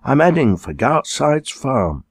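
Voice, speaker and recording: A man voicing a pompous middle-aged upper-class gentleman with a haughty posh southern English drawl, in an audiobook. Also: mid-range voice, big pitch swings, a little slow, vocal fry, husky, no echo, studio quality, pitched above the performer's own voice, heavily acted. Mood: condescending.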